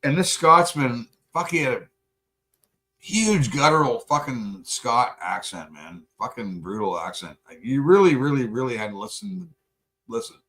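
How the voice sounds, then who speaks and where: A man holds forth in loose podcast chat, cursing freely and building up as he rants. His pitch is ordinary for a man. The delivery is animated and rough-edged. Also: a little slow, low-quality recording. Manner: profane, animated ranting. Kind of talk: casual late-night chat.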